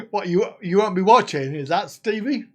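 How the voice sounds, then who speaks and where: A man's voice: high-pitched, darkish tone. A man hosting a casual live stream, chatting and laughing as he answers viewer comments.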